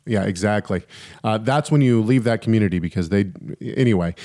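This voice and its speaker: A man's voice: fairly low pitch, fairly quick, mellow. A man co-hosting a podcast, earnestly explaining his views at length in a casual religious discussion. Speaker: podcast co-host.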